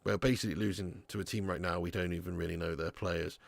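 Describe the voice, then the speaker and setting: Running a live watch-along of a football match, a young man casually reads out messages from chat and comments on the game, cursing and yelling at players before sinking back to quiet mumbling. He talks fast in a steady, creaky voice, with no echo on the recording.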